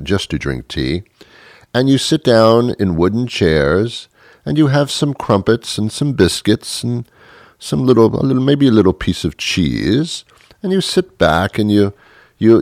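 Man, stand-up comedy, deep voice, lively pitch, character asides. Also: dry recording, studio quality. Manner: acts out characters in quick voices, rambling asides.

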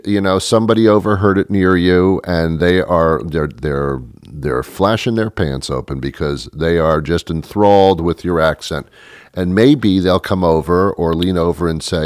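A man rambles through a comic monologue of tongue-in-cheek advice. His voice sits extremely low. The sound is dry and close, with no room around it. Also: unhurried, no echo. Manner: rambling, joking, conspiratorial advice. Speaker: comedic monologue host.

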